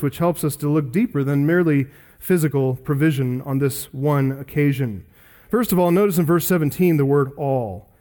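A man's voice: on the high side, darkish tone. A man preaching an expository sermon, reading scripture aloud and explaining it in an earnest, teacherly way. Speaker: pastor.

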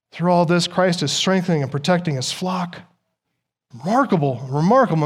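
A man preaching a sermon as pastor, emphatic and full of rhetorical questions, rising loud and dropping soft. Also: sits high.

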